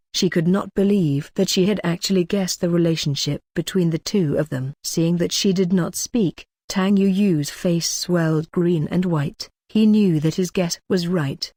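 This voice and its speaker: A woman narrating a web novel in an even, steady reading style, reading chapter headers word for word. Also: fairly low pitch, unhurried, hardly any pauses, no echo, clean studio sound. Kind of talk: scripted audio novel narration.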